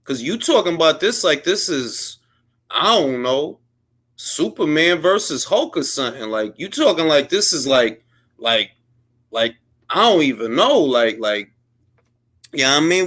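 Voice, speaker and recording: A man's voice: a little high, big pitch swings, measured pace, a bit bright. A man giving blunt, heated boxing commentary on his own, in slangy casual speech, mocking others in put-on quotes. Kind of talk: opinionated solo commentary.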